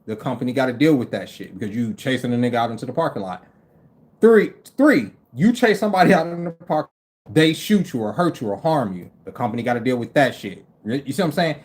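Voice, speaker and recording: A man in his forties hosting a livestream, telling stories in an animated, profane, incredulous way and acting out other people in quick voices. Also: medium pitch. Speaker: livestream host. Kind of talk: casual storytelling rant.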